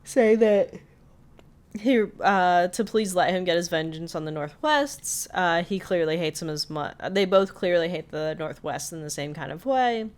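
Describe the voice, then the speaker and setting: Woman retelling a cartoon, lower voice. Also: expressive. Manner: acts out characters' lines in quick voices. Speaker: podcast co-host recapping a cartoon episode. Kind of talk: casual chat, retelling scenes.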